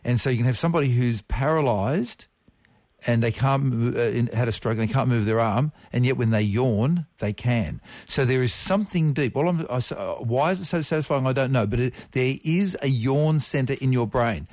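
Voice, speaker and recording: A man's voice: medium pitch, normal speed, a little mellow, no echo, clean studio sound. A man chatting on a radio science segment, playful and fond of spelling out words letter by letter. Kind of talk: casual radio science chat. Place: radio studio. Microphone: studio microphone.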